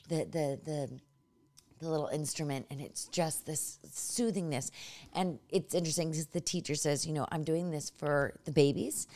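A woman's voice: sits low, a little mellow. A young adult woman hosting a podcast interview, chatting casually and gushing, with frequent restarts and fillers. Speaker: podcast host.

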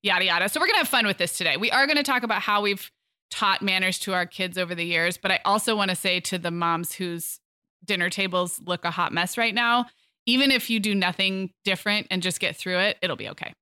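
A woman's voice: mid-range voice, brisk, sharp tone, clean tone, no echo, studio quality. A woman in her forties co-hosting a parenting podcast, chatting casually and reading ads in an upbeat, conversational way. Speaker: podcast co-host. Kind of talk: casual chat and ad reads.

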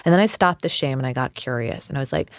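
A woman therapist appears as a guest in a casual podcast conversation, telling personal stories reflectively and earnestly with frequent fillers. She has a rumbling low voice and talks fast. The audio is clean studio sound with no room echo.

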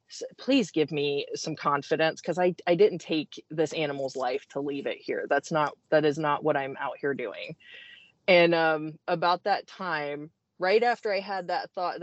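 A woman guest telling a story in a casual interview, animated and self-deprecating, stopping and restarting often. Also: sits low, dry recording. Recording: dull, dry sound.

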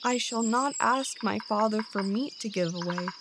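A woman voicing a kind-hearted young male bear cub who speaks quietly and earnestly to himself in a storybook reading. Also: fairly high pitch, normal speed, noisy background, lightly acted.

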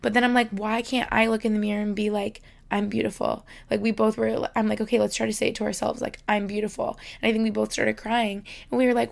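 A woman's voice: a little high, flat delivery, quick pace, vocal fry, few pauses. A young woman hosting a podcast alone, chatty and heartfelt, talking with many "like" fillers and close to tears at times. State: on the verge of tears. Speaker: podcast host. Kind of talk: casual solo podcast talk.

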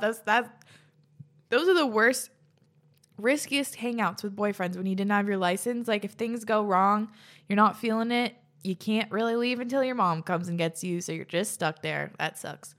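A woman's voice: medium pitch, fairly bright tone. Chatty young woman, laughing storyteller. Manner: chatty, laughs often, swears casually. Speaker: host. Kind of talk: reading and reacting to listener stories.

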